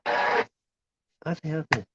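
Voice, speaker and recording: A man's voice: unhurried, very noisy. A man hosting a casual chat, laid-back and rambling. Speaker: host. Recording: dry dull lo-fi sound.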